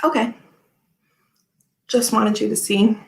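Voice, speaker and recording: A woman's voice: fairly high pitch, little pitch movement, slow pace, gravelly, echoey room. A woman hosting a casual tarot livestream, chatting and reading viewer comments aloud in a giggly, rambling way full of "like" and "okay, anyway.".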